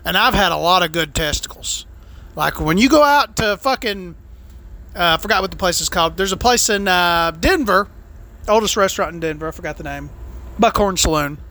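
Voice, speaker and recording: Male food vlogger, high and bright, crude exasperated rant. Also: brisk. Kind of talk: profane ranting storytelling.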